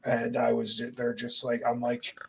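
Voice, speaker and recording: A man's voice: medium pitch, monotone, unhurried, gravelly, slightly rough. A young man earnestly recounting a near-death experience in casual speech, peppering it with "dude" and "bro". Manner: intense, earnest storytelling. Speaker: guest telling his near-death story. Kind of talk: emotional personal testimony.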